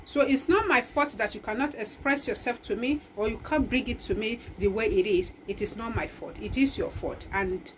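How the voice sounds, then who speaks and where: A woman's voice: on the high side, moderate pace, few pauses, a little hiss or hum, poor audio. A woman, hosting a motivational talk and exhorting listeners, with frequent restarts. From Nigeria. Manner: emphatic, exhorting, with many restarts. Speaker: talk show host.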